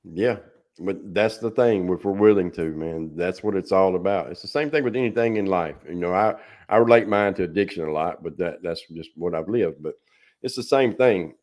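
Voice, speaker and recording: A man's voice: low voice, normal speed, a little mellow. A male podcast host talking with a guest in an earnest, reflective, casual way. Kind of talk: casual conversational interview.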